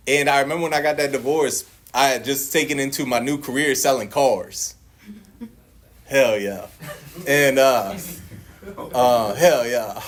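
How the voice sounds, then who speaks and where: A man's voice: mid-range voice, moderate pace, slight background noise. Profane, joking man telling his recovery story. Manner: profane, joking storyteller who acts out his own past lines; laughs often and shifts into a lively voice when quoting himself. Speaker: recovery meeting speaker. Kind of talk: personal recovery testimony.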